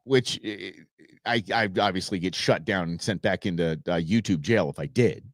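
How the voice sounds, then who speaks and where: A man hosting his own show, giving blunt, animated opinion commentary from Arizona. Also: medium pitch, no room sound, clean studio sound. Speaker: show host.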